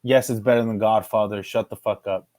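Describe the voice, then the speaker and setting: A man's voice: on the low side, fairly even intonation, fast talker, darkish tone, no echo. Brash, profane man with a dry sound. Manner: brash, swearing, playfully provocative. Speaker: podcast co-host. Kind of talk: casual chat.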